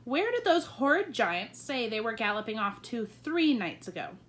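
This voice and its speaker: A woman reading aloud, voicing a composed, commanding queen who speaks crisply. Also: fairly high pitch, big pitch swings, moderate pace, a bit bright, a little hiss or hum. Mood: firm. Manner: crisp, imperious.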